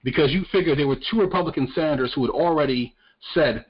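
A man's voice: fairly high pitch, quick pace, hardly any pauses, husky. A man co-hosting a casual podcast chat about the news, blunt and profane, often stammering as he restarts his sentences. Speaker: podcast co-host. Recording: muffled lo-fi audio.

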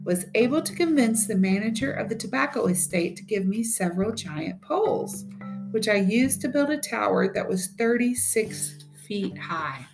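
A woman teacher reads a memoir aloud at an even, measured pace, her pitch in an ordinary middle range. Soft plucked guitar music plays beneath her voice throughout. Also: vocal fry. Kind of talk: audiobook reading of a memoir.

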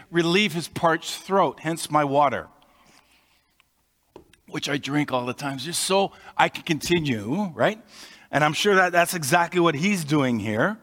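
A male pastor preaching a sermon, explaining in a conversational manner with measured pauses, recorded in a church. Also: a little high, fairly bright tone. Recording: long reverb of a large hall.

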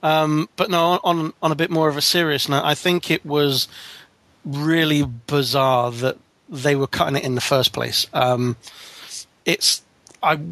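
A man's voice: fairly high pitch, steady tone, unhurried, a bit bright, no echo. British man, young, emphatic, playful, dry close mic. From United Kingdom. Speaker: podcast co-host. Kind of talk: casual basketball chat.

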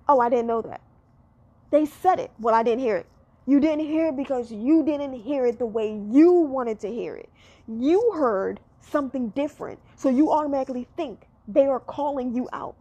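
A woman with a high-pitched voice holds forth in a blunt, profane rant. She swears freely and keeps driving her point home by saying it again and again. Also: warm tone. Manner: blunt and profane, repeats herself for emphasis.

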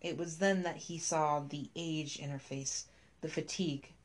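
Low-voiced woman narrating a story. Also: fairly even intonation, unhurried.

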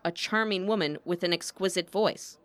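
A woman reading as a guarded male opera impresario, cool and sardonic. His dry, clipped remarks sit a little low in her voice as she tells the storybook tale. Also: moderate pace, close to an everyday voice.

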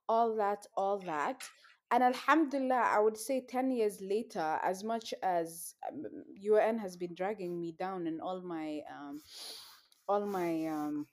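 A young woman chats on a podcast in a middling voice. She teases her co-host playfully and laughs often, keeping the talk relaxed and easy. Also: medium pitch, unhurried. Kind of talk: casual chat.

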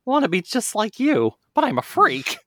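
A man voicing a shy, clumsy young male fox in a storybook reading, in a high, pleading voice. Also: huge pitch swings, normal speed, background noise, exaggerated voice.

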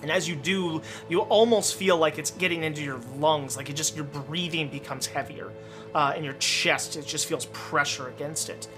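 A man's voice: on the high side, moderate pace. Man narrating as game master, music behind. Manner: descriptive, loose, with fillers.

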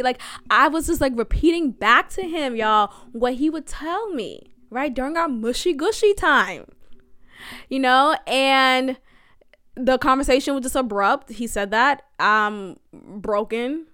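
Young female podcast host, chatty storyteller who talks to her listeners, slightly high voice that is smooth and clear, recorded dry and close. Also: expressive, a little slow, pushed and bright, no room sound. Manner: chatty, addresses listeners as y'all, laughs often. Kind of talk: casual storytelling monologue.

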